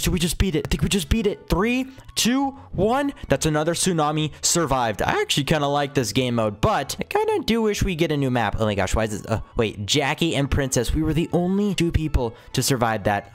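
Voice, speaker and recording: A man giving excitable let's-play commentary over a video game, gasping and repeating his phrases as he talks to viewers. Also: mid-range voice. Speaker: gaming channel host.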